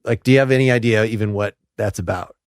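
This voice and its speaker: A man's voice: lowish voice, quick pace, no room sound. Dry, rambling male podcast host. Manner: inquisitive, rambling questions with frequent laughs. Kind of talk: casual interview chat.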